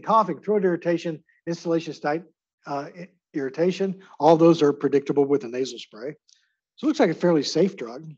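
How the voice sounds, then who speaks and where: Husky man lecturing on drugs. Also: fairly high pitch, dull audio. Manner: chatty, asks the audience for hand votes. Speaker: pharmacy lecturer. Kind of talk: lecture to a live audience.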